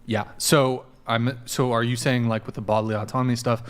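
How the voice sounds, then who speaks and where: A man's voice: mid-range voice, level tone, brisk, smooth. A man hosting a podcast panel, moderating loosely and reading from notes, tripping over words and swearing casually.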